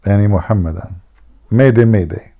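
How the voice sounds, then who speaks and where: A man's voice: on the low side, moderate pace, phone-quality sound. A man hosting a livestream, teasing his viewers and laughing at his own jokes. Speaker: livestream host. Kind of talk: joking livestream chat.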